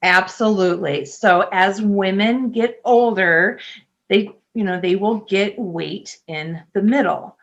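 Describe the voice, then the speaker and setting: A woman's voice: medium pitch, slow pace, highs cut off. A middle-aged woman, a nurse, talking casually in an interview, chatty with frequent fillers and laughs. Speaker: nurse and podcast guest.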